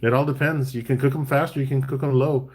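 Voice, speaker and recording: A man hosting a casual live-stream chat. He talks in a relaxed, chatty way, reads out viewer comments and gives tips between bits of banter. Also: medium pitch, fast, slightly rough. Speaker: barbecue caterer and live chat host.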